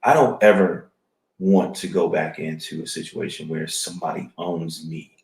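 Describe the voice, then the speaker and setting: Deep-voiced man, halting and reflective. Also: fairly even intonation, gravelly, a little mellow, reverberant, rough recording. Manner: halting, reflective, many restarts. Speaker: podcast co-host. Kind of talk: casual chat. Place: studio.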